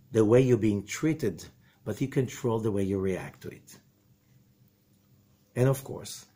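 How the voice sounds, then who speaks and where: Animated husky male rabbi teaching. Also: mid-range voice. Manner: animated, rhetorical questions, mock dialogue. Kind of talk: spoken Torah lesson.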